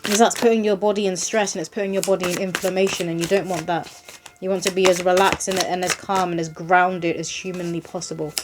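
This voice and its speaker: A woman's voice: lowish voice, flat delivery, fast talker, background noise. A woman giving a chatty, reassuring tarot reading and speaking straight to the viewer. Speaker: psychic medium doing a tarot reading. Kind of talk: casual spoken tarot reading.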